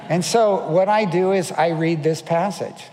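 A man preaching a sermon from the pulpit, his voice sitting high for a man. A long reverb from a large hall trails after every phrase. He tells stories, acts out what people said, and keeps turning to the audience with questions. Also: a little slow, darkish tone, slight background noise. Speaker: pastor.

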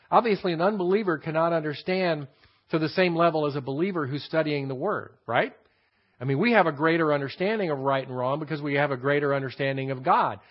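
A man teaching a Bible passage verse by verse, stressing key phrases and repeating them slowly for emphasis. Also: a little high. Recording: dull lo-fi recording.

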